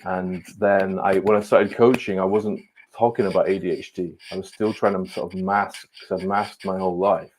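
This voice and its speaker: Low, flat-voiced man in his fifties. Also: normal speed, hardly any pauses, a little hiss or hum. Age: 50s. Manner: candid, reflective personal account. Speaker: ADHD coach, podcast guest. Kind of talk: interview conversation.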